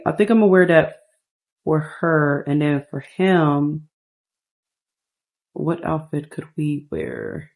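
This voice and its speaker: A woman's voice: low-pitched, sing-song, slow pace, vocal fry, pauses often, darkish tone. Young female gaming streamer, chatty, a bit exasperated. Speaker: game streamer. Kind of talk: casual gameplay commentary.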